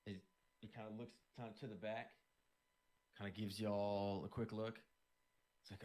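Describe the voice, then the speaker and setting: A man's voice: on the low side, little pitch movement, normal speed, pauses often, a little mellow. A man narrating as game master in a tabletop game, describing scenes loosely with lots of "kind of" hedges.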